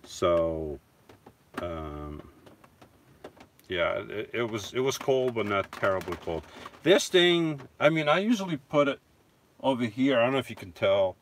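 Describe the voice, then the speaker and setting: A man's voice: medium pitch, expressive, unhurried, long pauses, slight background noise. A man casually chatting on a live stream from inside his van, reading viewer comments and answering in a rambling, self-correcting way with chuckling asides. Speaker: vlogger reading live chat.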